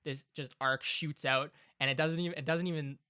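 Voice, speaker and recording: A man's voice: on the high side, steady tone, fairly quick, pushed and bright, clear, resonant tone, dry recording, studio quality. A man narrating a tabletop game as game master, rambling with lots of "like" and everyday comparisons.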